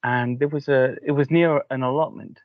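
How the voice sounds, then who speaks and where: A man's voice: medium pitch, steady tone, normal speed, no room sound, narrow, tinny audio. A man with a Cardiff Welsh accent, telling rambling anecdotes in a casual chat, with lots of fillers. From Cardiff, Wales. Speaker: podcast host.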